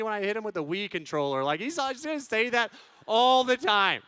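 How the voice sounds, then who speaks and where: A man in his thirties tells comic stories to a crowd, loud one moment and hushed the next as he acts out what people said. His voice sits high and bright for a man. The sound is close and dry. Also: a little fast, hardly any pauses, clean tone, dry recording. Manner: animated, acts out quotes, swings from loud to hushed. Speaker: conference speaker. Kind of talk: comedic storytelling talk.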